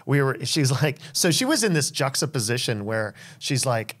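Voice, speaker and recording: Male podcast host, mid voice, relaxed, conversational. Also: medium pitch, moderate pace. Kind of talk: conversational interview.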